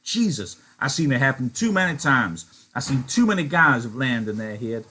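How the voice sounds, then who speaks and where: A man reading a story gives voice to a bitter, scornful stable hand. The voice is husky and blunt, with a level, mid-range pitch. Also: big pitch swings, normal speed, sharp tone, exaggerated voice.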